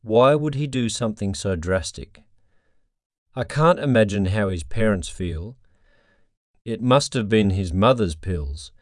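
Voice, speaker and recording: A man's voice: fairly low pitch, expressive, unhurried, a little mellow, dry recording, studio quality. A man voicing a shaken, bewildered father.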